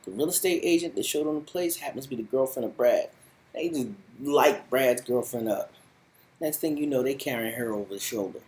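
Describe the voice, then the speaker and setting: A man giving a casual spoken review of a TV show in animated, slangy, rambling storytelling. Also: mid-range voice, fairly quick, low-quality recording.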